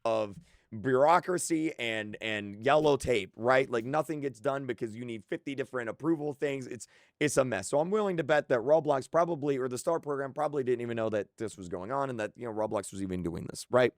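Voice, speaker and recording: A man's voice: mid-range voice, brisk, dry recording. Earnest, frustrated man, dry close sound. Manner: earnest, frustrated, repeats himself in restarts. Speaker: game creator. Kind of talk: impassioned monologue.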